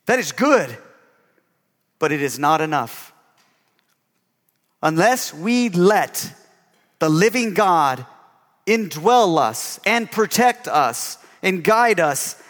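A man's voice: sits high, a bit bright, long reverb tail. A male pastor preaching a sermon with emphasis, often calling out for an amen.

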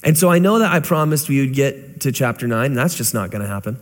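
A man's voice: mid-range voice, animated, quick pace. A man in his thirties preaching a conversational sermon, full of rhetorical questions. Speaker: pastor. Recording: long reverb of a large hall.

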